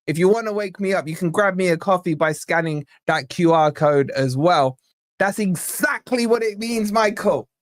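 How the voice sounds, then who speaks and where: A man's voice: high-pitched, no room sound, clean studio sound. A young man hosting a live football fan stream, brash and mocking, worn out from little sleep. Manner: brash, mocking, excitable banter. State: tired from lack of sleep. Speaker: football fan channel host.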